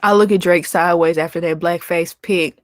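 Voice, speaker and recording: Sassy animated woman ranting. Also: on the low side, brisk, dry recording, clean studio sound. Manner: animated and sassy, laughing, calling out with "honey" and "baby". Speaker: vlogger host. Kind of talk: casual opinion rant.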